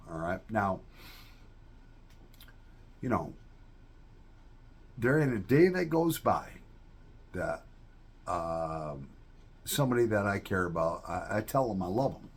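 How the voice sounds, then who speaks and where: A man's voice: deep voice, husky. A man in a folksy, rambling casual chat to viewers, often tossing in "all right?" asides. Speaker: vlogger.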